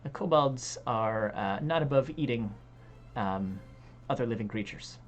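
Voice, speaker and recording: A woman narrating as dungeon master of a tabletop game, pausing often with ums and uhs. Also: very deep voice, expressive, muffled recording. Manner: hesitant, many ums and uhs.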